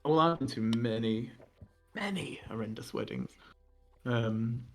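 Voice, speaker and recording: Man, podcast co-host, casual storytelling, mid pitch, mocking impressions of others. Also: a little slow, soft background music. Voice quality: animated, mocking voices in quotes.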